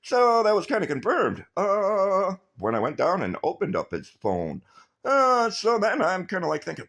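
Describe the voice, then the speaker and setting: A man rambles through a tangled story for his viewers, cursing nearly every sentence. His fairly high voice swings up and down a lot, and he slips into mocking voices whenever he quotes someone. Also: moderate pace. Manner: profane, rambling, animated storytelling. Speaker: vlogger. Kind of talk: rambling profane monologue.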